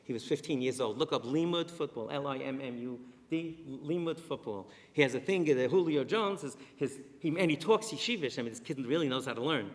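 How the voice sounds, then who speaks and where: Animated middle-aged man telling stories in a hall. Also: mid-range voice, a little fast, few pauses. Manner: animated, repeats himself for emphasis. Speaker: rabbi and speaker. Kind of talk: live storytelling lecture. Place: synagogue hall with a live audience. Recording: long reverb in a synagogue hall.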